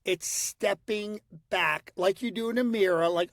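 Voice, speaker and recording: A middle-aged Philadelphia man with a high, nasal Northeast voice chats animatedly as a guest in a casual interview. He's a voice impressionist who keeps restarting sentences and slipping into quick voices and quotes, captured in a dry, studio-quality recording.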